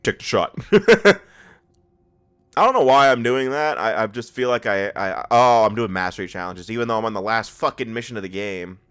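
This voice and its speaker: A man with a clear, resonant voice that sits on the low side and is fairly bright talks at a moderate pace. He is a let's play host, tired and newly awake, rambling and stammering through casual commentary on the game. He laughs often and runs himself down.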